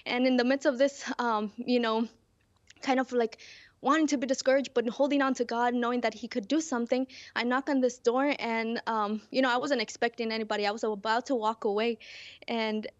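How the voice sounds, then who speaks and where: A young woman, a college student, telling a story in a lively, chatty way full of "like" and "you know". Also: on the high side, brisk, no echo, highs cut off. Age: young adult. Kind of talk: personal story in a studio interview.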